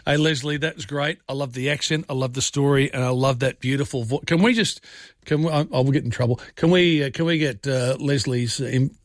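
A man's voice: medium pitch, brisk, no echo, studio quality. A man hosting a radio talkback show, chatting with callers in a friendly, matey way. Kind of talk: casual talkback chat.

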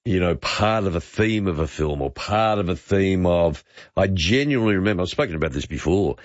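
A man's voice: low voice, lively intonation, a little fast, dry recording, muffled recording. A man hosting a call-in radio show, chatting easily with callers. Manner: easygoing, chatty, responds briefly between callers. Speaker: talk radio host.

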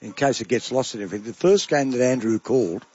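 A man's voice: mid-range voice, fast, a little mellow, breathy edge, lo-fi sound. An older man, a veteran sports caller, casually reminiscing and laughing easily. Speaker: veteran rugby league caller. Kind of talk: casual chat.

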